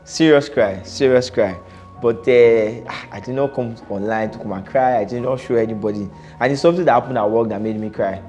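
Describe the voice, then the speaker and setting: A man's voice: medium pitch, fast, few pauses, a little mellow, faint music behind. A man giving casual, blunt reaction-video commentary as an employer, laughing often and repeating himself.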